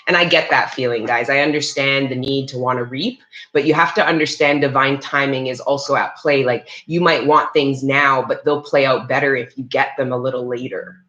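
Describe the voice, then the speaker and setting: This tarot reader's voice rumbles low yet sounds fairly bright, staying steady in tone and brisk, though the highs are cut off. On her live stream she rambles chattily, restarts frequently, and speaks directly to live chat viewers, with a roomy echo in the recording.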